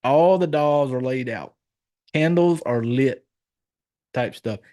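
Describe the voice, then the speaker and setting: Casual, profane podcast host recapping a film. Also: male voice, medium pitch, slow pace, a little mellow. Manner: loose, profane, rambling with fillers and self-corrections.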